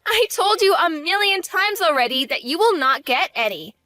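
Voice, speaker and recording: A woman's voice: extremely high pitch, expressive, moderate pace, bright, forceful tone, no room sound, clean studio sound, full character voice. A woman voicing a blunt young wife who speaks in a cutting, direct way. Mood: cold.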